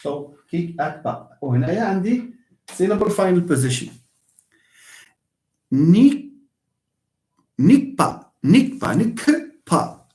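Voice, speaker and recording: Middle-aged Moroccan-accented male lecturer, slightly high voice, mixes English with dialect Arabic. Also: a little mellow. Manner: switches between English and dialect Arabic, drawn-out modelling of sounds. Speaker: university linguistics lecturer. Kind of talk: live online lecture.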